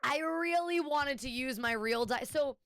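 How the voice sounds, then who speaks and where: A woman's voice: high voice, unhurried, fairly bright tone, dry recording. A woman streamer chatting casually with her viewers, rambling and swearing now and then. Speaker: Twitch streamer.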